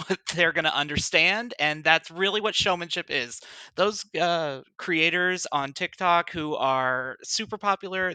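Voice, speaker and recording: A man's voice: on the high side, pushed and bright, smooth, dry recording. A man co-hosting a casual podcast, easygoing and laughing as he explains. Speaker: podcast co-host.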